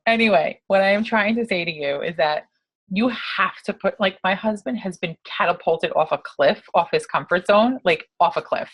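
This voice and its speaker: Woman from New York, brash and profane, lowish voice, casual team call, animated storyteller. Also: moderate pace, breathy edge.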